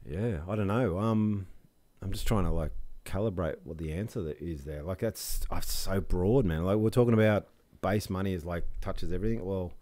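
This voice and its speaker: A man's voice: sits low, normal speed, dark tone. A man chatting casually as a podcast guest, tipsy and slurring a little, rambling, swearing and losing his thread. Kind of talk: drunk casual chat.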